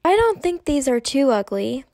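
A woman voicing a patient, gentle mother who speaks soothingly. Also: high-pitched, big pitch swings, normal speed, no room sound, pitched above the performer's own voice.

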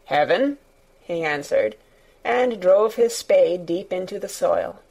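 Slow, measured woman narrating a storybook. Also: medium pitch, creaky, dark tone, rough recording. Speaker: audiobook narrator.

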